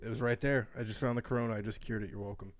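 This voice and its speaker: A man co-hosting a casual podcast tells a story with lots of energy, acting out what people said. His voice sits slightly low. The mic is close and the sound is dry. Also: racing, no room sound. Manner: animated storyteller, acts out quotes, laughs often. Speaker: podcast co-host. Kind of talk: casual chat.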